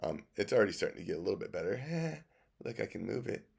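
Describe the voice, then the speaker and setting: A man's voice: low-pitched, big pitch swings, fast talker, creaky, a little mellow, slightly rough. A middle-aged man hosting a live music stream, chatting casually, laughing often and losing his train of thought.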